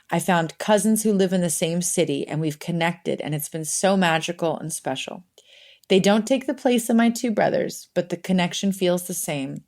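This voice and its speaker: A woman's voice: fairly low pitch, a little mellow. A woman in her forties co-hosting a casual podcast, reading listener emails aloud and turning tearful and laughing easily. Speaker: podcast co-host.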